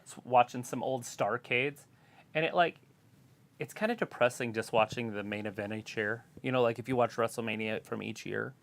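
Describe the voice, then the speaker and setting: A man co-hosting a wrestling watch-along stream, giving relaxed play-by-play remarks and rambling, nostalgic asides. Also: medium pitch, normal speed, gravelly. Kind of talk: casual chat, wrestling commentary.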